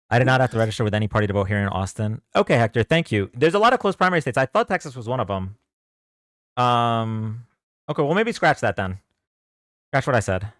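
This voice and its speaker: A man's voice: medium pitch, a bit bright, dry recording. Chatty male livestream host, dry close sound. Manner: chatty, thanks donors, reads chat aloud. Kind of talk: casual livestream chat.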